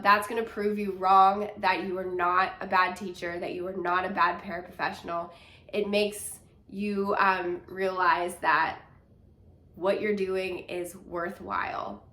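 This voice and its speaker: A woman talking from her couch at home, slightly nasal and congested, with a mid-pitched voice. She chats in an encouraging, filler-heavy way. The room gives her voice a noticeable echo. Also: flat delivery, a little slow, bright, forceful tone. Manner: chatty and encouraging, with many fillers. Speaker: teacher and health coach. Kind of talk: casual talking-head advice vlog.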